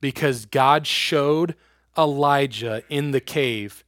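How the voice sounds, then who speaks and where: A man preaching an informal youth sermon in casual slang, swinging between loud and hushed. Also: mid-range voice, takes it slowly, no echo.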